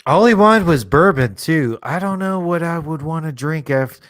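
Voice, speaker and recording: A man hosting a movie watchalong as a streamer, commenting casually in a laid-back, rambling way and thinking aloud with plenty of fillers. His voice is a little high and animated with a fairly bright tone, at a normal speed. The recording is dry, with clean studio sound.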